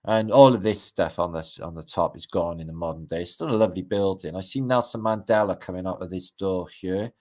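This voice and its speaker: A middle-aged man from Wales hosting a livestream speaks briskly in a deep voice, with few pauses. He casually rambles over pictures, adding wry remarks and casual swearing.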